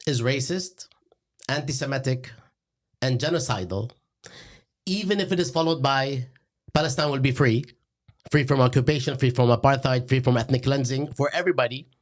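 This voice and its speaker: A middle-aged man, hosting a satirical lecture in a deadpan, sarcastic manner. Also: medium pitch. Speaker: host.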